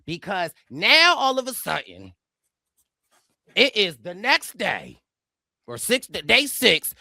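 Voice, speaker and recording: Lively, gravelly man telling a story. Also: high voice, takes it slowly, long pauses, no echo, clean studio sound. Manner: dramatic, animated storyteller. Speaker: podcast co-host. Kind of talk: casual recap chat.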